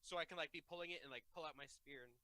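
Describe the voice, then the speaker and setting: A bright, clear voice belonging to a player in a tabletop role-playing game. The player describes their character's actions and speaks for the character in a dry, matter-of-fact tone. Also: mid-range voice, racing.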